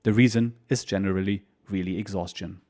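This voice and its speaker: Measured male memoir narrator, lowish voice. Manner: steady, measured reading. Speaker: narrator and channel host. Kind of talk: reading a war memoir aloud.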